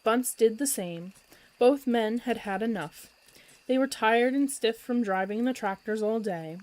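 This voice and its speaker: Expressive woman reading a bedtime story. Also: a little high, unhurried, poor audio. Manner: expressive, lively narration.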